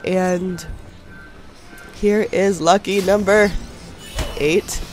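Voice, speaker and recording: A man's voice: sits high, steady tone, very slow. Stuffy-nosed young man commentating gameplay. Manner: chatty, self-deprecating, laughs often. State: stuffy nose from a cold. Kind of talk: casual voice-over game commentary. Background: faint background music.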